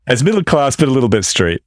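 A man's voice: medium pitch, no echo. An Australian man co-hosting a casual interview podcast, bantering in a dry, teasing way. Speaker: podcast co-host.

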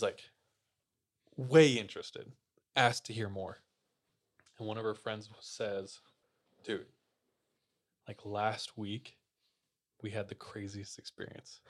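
A man hosting a podcast, casually retelling a listener's ghost story to his co-hosts in a relaxed, slangy way. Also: on the low side. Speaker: podcast host.

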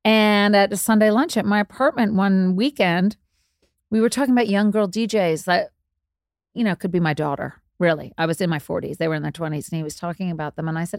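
A woman, a DJ telling candid, self-deprecating stories as an interview guest and jumping her pitch to act out quotes. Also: quick pace, no room sound, clean studio sound. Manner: chatty, self-deprecating, acts out quotes with big pitch jumps.

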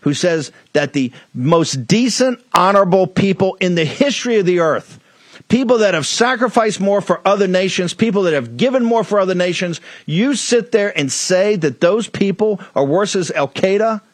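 Fiery talk host, dry sound. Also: male voice, high-pitched, animated, moderate pace, dry recording. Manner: fiery, blunt and emphatic. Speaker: political talk show host. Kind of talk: combative political monologue.

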